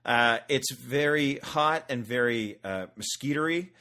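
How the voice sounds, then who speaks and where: A man's voice: mid-range voice, unhurried, pushed and bright. A man co-hosting a podcast in casual chat, joking and rambling. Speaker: podcast co-host. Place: Vancouver.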